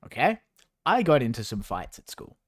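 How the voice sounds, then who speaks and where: A man's voice: medium pitch, huge pitch swings, moderate pace, breathy edge. A man streaming a book reading, breaking off into sarcastic, rambling asides. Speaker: streamer reading a novel aloud. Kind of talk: reading aloud with sarcastic commentary.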